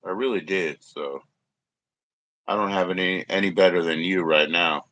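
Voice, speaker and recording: A man's voice: low voice, moderate pace, a bit bright, no echo. A man chatting loosely on his live stream, rambling and swearing as he talks to his viewers and fights technical trouble. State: coughing at times. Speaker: livestreamer. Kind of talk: casual live stream chat.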